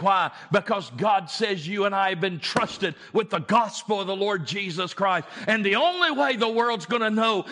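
High, bright-voiced man preaching. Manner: impassioned, repetitive preaching; addresses the congregation directly. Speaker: pastor. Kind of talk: sermon.

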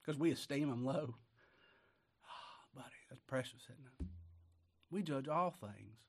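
A man from Kentucky with an Appalachian accent preaching a sermon, folksy and full of rhetorical questions, rising loud when he reads scripture. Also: mid-range voice, expressive, a little slow, vocal fry.

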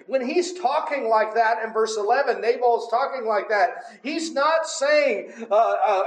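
A man with a very high voice preaches in a conversational Bible-teaching style, unhurried and with hardly any pauses. He's emphatic, often seeking agreement with "right?" and "amen?", and the recording has a roomy echo.

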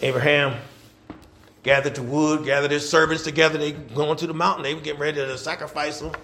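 A man, a pastor preaching a sermon in a church, repeating phrases and building to shouts. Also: fairly high pitch, fairly even intonation, brisk. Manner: repetitive call-and-response preaching, swelling to shouts.

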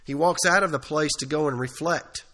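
Pastor, male, bright high voice, earnest sermon delivery with emphatic swells. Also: moderate pace. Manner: earnest preaching, rising to emphatic peaks. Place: church.

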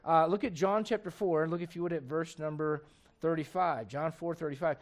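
High-voiced man preaching a sermon. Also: steady tone, normal speed. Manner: conversational, jokes with the congregation and reads scripture aloud. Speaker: pastor.

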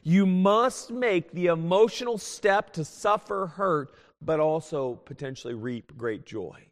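A man preaching a sermon as a pastor, earnest and pleading, swinging from loud appeals to hushed tones. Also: fairly high pitch, expressive, unhurried. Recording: long hall reverb.

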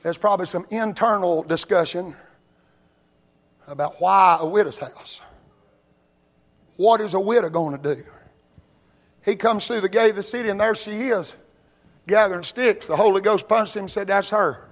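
A man preaching a sermon, telling Bible stories in a folksy way and rising to loud, shouted peaks. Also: high-pitched, normal speed, long pauses. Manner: builds from quiet storytelling to loud shouting.

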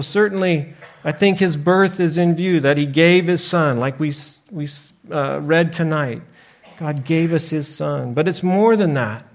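Slow, deliberate male preacher. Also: fairly high pitch. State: briefly choked up. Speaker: pastor. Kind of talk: sermon.

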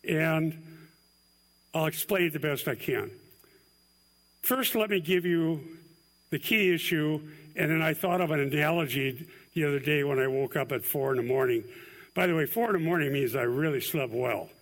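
A man giving a sermon in a relaxed, explanatory way, like a teacher walking a congregation through a tricky point. His voice sits a little higher than most men's. He slows down to lean on key words and drops in light asides. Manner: conversational, explanatory, self-deprecating asides. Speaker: pastor.

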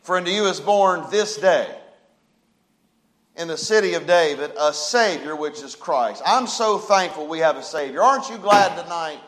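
A man preaches from his pulpit in a notably high voice. He builds to emphatic peaks and throws questions out to the congregation. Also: expressive, moderate pace, a bit bright, poor audio. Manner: preaching with rising emphasis and call-and-response. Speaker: pastor. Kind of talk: sermon. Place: church sanctuary.

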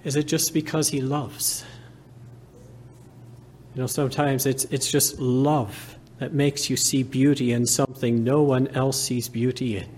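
A man preaching a sermon in a slow, earnest manner, building to fervent emphasis. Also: medium pitch, little pitch movement, darkish tone, a little hiss or hum.

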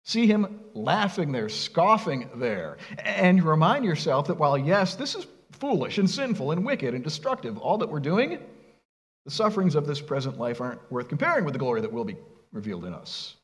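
A fairly high-voiced male pastor delivers a sermon at normal speed in a lively, sing-song style, his pitch swinging widely. He keeps it animated and conversational, posing rhetorical questions to his listeners. A long reverb trails his words, like the sound of a large church sanctuary.

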